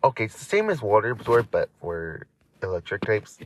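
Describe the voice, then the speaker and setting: A man hosts a casual podcast, reading entries aloud with frequent stumbles, restarts and chatty asides. His lowish voice is very animated and fairly quick, with slight background noise.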